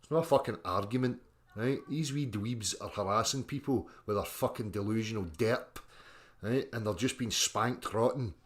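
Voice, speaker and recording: A man's voice: mid-range voice, normal speed, fairly bright tone. A Scottish man hosting a livestream, reading out chat and mocking his critics in a sweary, combative rant.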